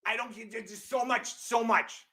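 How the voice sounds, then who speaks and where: A young man hosting a live sports stream, ranting loudly and profanely and often shouting. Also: very high-pitched, fairly even intonation, normal speed. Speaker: host.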